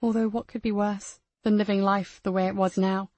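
A woman reading a crime novel aloud as the narrator, in a measured storytelling manner. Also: mid-range voice, level tone, a little mellow, dry recording. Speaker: audiobook narrator. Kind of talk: scripted narration.

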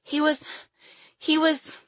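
A woman's voice: high voice, expressive, normal speed, dry recording, pitched above the performer's own voice. A woman voicing a frightened little girl, with a small pleading voice. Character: scared little girl locked in a cage.

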